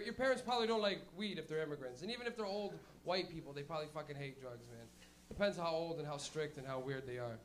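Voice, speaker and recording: A young man hosting a comedy night and doing stand-up, loud and animated with lots of swearing. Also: fairly high pitch. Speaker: comedian and show host.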